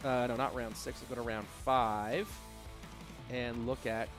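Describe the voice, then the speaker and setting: A man casting a live esports match, excitable and incredulous, often breaking into laughter. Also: mid-range voice, unhurried, over music. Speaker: esports caster.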